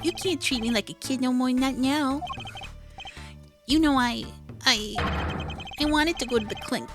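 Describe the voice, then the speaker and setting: A woman voicing a cocky young male gangster wannabe with loud, slangy tough-guy swagger. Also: sits high, unhurried, voice pushed up. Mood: defiant. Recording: game music behind voice.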